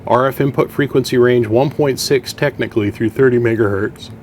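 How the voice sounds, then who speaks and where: A man's voice: mid-range voice, brisk, darkish tone, slight background noise. A man in his home workshop, talking through radio gear in a folksy, chatty way and thinking aloud as he explains. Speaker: radio equipment hobbyist. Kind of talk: casual workshop vlog.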